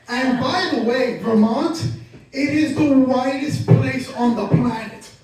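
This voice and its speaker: A man performing stand-up comedy, telling a self-mocking story and acting out the scenes. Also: very high voice. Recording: echoey room, distant mic.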